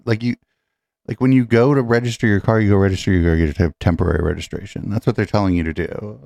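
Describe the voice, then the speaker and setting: A man's voice: fairly low pitch, steady tone, fast talker, creaky, darkish tone, no echo. A man commenting on a clip with sarcastic, profane, rambling talk. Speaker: podcast host reacting to a clip.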